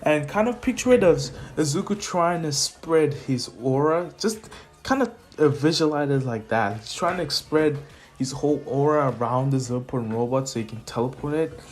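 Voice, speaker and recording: A man's voice: fairly high pitch, lively intonation, normal speed. A man improvising a fan-fiction story with rambling, casual narration full of restarts. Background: faint lofi music.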